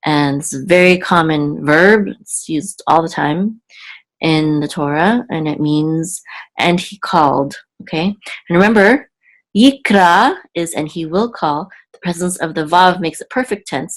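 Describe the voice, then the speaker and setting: A woman teaching a reading lesson, patiently repeating and slowly sounding out each word. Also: low voice. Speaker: Hebrew teacher. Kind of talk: explaining a reading lesson to camera.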